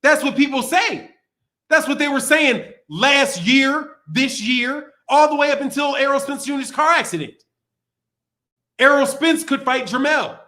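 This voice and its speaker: A man's voice: very high voice, a little slow, pushed and bright. A man hosting a boxing livestream, ranting in a heated, profane way, laughing often and repeating himself, with speech. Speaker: boxing channel host. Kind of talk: livestream commentary rant.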